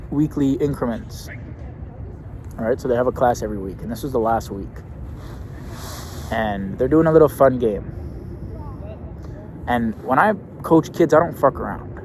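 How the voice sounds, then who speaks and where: A man's voice: medium pitch, moderate pace, long pauses, a little mellow, a little hiss or hum. A young man, a youth basketball coach, telling a story in a brash, profane, swaggering way. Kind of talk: casual storytelling rant.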